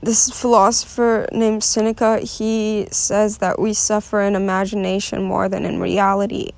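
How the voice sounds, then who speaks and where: A woman's voice: medium pitch, level tone, normal speed, vocal fry. A young woman venting frankly in a rambling, unscripted monologue, swearing freely and full of filler words. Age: young adult. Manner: frustrated and restless. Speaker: vlogger.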